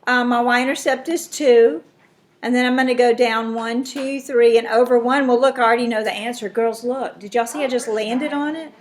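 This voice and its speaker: Lady teacher, slightly high voice, talks through the math step by step, keeps asking y'all follow?. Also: steady tone, moderate pace. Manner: explains step by step, checks in with students. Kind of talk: classroom lesson.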